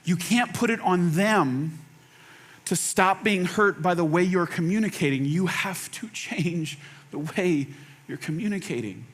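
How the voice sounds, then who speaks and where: Guy preacher w a pretty high voice, chatty sermon, acts out little quotes, says stuff twice for punch. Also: a little slow. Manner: animated, acts out quoted lines, repeats phrases for emphasis. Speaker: pastor. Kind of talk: conversational sermon.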